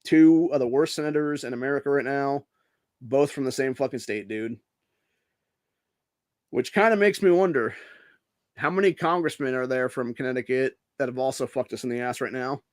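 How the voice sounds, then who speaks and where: A man hosts his own show and rants at length, cursing at every turn and tossing in dude and bro as he rambles from one gripe to the next. His voice sits at a middle pitch. It is caught close and dry, with no room sound around it. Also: moderate pace, a little mellow, no echo. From Ohio. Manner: swears constantly, rambling, says dude and bro. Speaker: podcast host. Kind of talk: profane rant and casual monologue.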